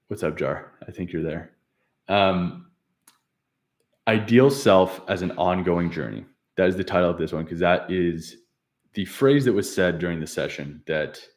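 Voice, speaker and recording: A young man coaching on habits, recapping a client session in a casual, rambling way, correcting himself and laughing at his own slips. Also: low-pitched. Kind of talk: casual unscripted vlog recap.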